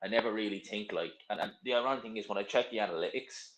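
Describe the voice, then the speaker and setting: A young man with a slightly low voice talks casually on a live stream, answering viewer comments. He is blunt and opinionated, and he drifts from point to point. The sound has a roomy echo. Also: fast, a bit bright. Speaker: livestream host.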